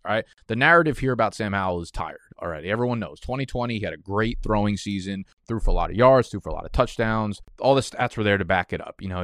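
A man's voice: lowish voice, no room sound. A young man hosting a fantasy football show from an office studio, talking in a brash, profane, hyped-up casual way.

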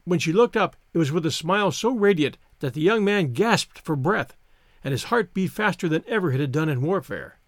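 A man narrates a story in an expressive, measured way. His voice is high and moves a lot in pitch. The recording is dry and close to the mic. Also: dry recording. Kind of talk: audiobook narration.

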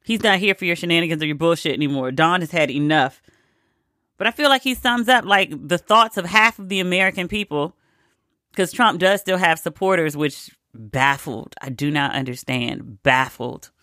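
A woman's voice: on the low side, brisk, sharp tone, no echo, studio quality. A woman ranting in a casual, profane, exasperated way, hammering her points with emphatic repetition. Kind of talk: opinionated casual rant.

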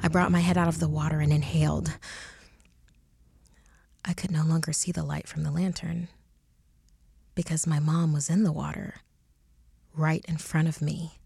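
A woman co-hosting a podcast, narrating a scary story in a hushed, often half-whispered voice. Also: sits low, level tone, normal speed, creaky, pauses often, slightly rough, no echo, studio quality. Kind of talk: scripted horror story narration.

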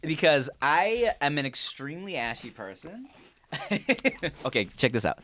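A man's voice: on the high side, big pitch swings, unhurried, fairly bright tone, slight background noise. A man co-hosting a podcast, joking in casual banter and mimicking others.

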